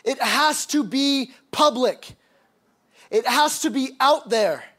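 Guy preaching a sermon, pretty high voice, reads the verses then gets emphatic. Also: slow, fairly bright tone. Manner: reads scripture aloud, then preaches with emphatic, rising passages. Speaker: pastor.

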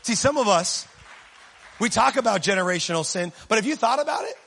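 A man with a very high speaking voice delivers a sermon. His tone is husky and slightly breathy. He is animated and jokey, dropping into quiet asides and then rising to shouts. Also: a little fast, a faint crowd. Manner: animated, swings from low asides to shouting, humorous. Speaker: preacher.

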